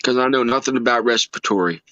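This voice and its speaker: A man's voice: mid-range voice, fast talker, bright, forceful tone, no room sound. A man, a livestream guest telling personal stories in an earnest, emotional, folksy way. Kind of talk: casual storytelling chat. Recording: dull lo-fi stream audio.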